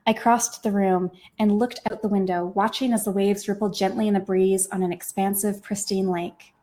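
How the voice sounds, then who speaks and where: A woman who writes novels and hosts a podcast reads her own book aloud, telling the story in a lively, expressive way. Her voice sits in the mid-range and she keeps a moderate pace.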